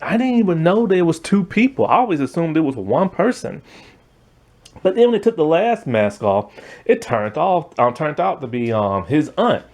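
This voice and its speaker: A man's voice: fairly high pitch, very animated, moderate pace, darkish tone. A man giving a casual spoken review of a cartoon, rambling with lots of fillers and frequent laughter.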